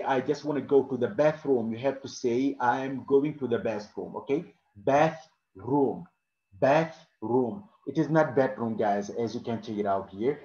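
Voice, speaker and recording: A man teaching English pronunciation to a class, repeating each example word slowly, in non-native English with small grammar slips. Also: medium pitch, mellow. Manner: repeats words slowly to model them. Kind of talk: classroom lesson. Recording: roomy, dull-sounding classroom recording.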